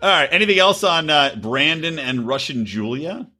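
Animated, profane man laughing often. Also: on the high side, normal speed, breathy edge. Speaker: podcast co-host. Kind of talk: casual chat.

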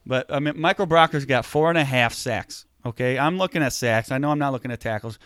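A man co-hosting a casual football talk show, animated and getting heated as he argues his point. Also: medium pitch, a little fast, dry recording, studio quality. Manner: animated, gets heated and emphatic. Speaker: sports podcast co-host.

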